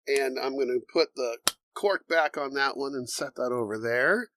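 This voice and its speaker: A man co-hosting a casual bourbon tasting podcast, explaining bottles and reading tasting notes in a measured way. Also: mid-range voice, noisy background. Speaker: podcast co-host.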